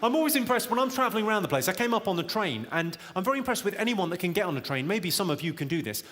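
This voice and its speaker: A man's voice: high voice, very animated, rapid-fire. A man doing a stand-up comedy routine in a large theatre, with a wry, punchline-driven delivery that teases the crowd. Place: large theatre venue with a live audience. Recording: echoey hall, loud audience laughter.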